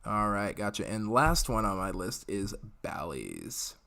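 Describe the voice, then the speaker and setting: Young male podcast host, casual live chat, slightly low voice, rambling delivery. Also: very animated, measured pace, gravelly, pushed and bright. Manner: chatty, rambling, with frequent fillers and laughs.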